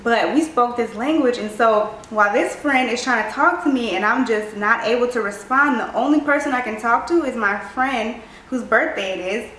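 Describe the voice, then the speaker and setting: A young woman telling a storytime vlog, animated and acting out what people said. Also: a little high, moderate pace, few pauses, roomy sound, distant mic, a little hiss or hum, low-quality recording. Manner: animated storytelling, acts out quoted voices. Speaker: vlogger.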